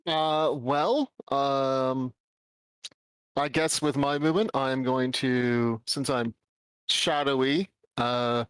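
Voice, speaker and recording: A soft-spoken man describes his character's actions in a tabletop role-playing game, pausing with hesitant uhs. His voice is smooth and clear, and it sounds dry and close, with no room echo. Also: medium pitch, steady tone. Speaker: player. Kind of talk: tabletop role-play chat.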